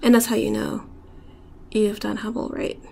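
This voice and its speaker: A woman giving a step-by-step beading tutorial, talking softly and often dropping to a whisper as she works. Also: medium pitch, completely flat delivery, normal speed, gravelly, slight background noise. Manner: soft-spoken, often drops to a whisper while working.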